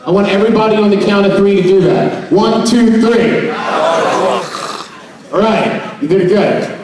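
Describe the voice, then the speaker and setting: A man's voice: high-pitched, normal speed. A man giving a joking mock seminar to a live audience at an expo, playfully getting the crowd to repeat words after him. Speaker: presenter at a trade expo. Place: large expo hall with an audience. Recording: echoey hall, voice picked up from far off.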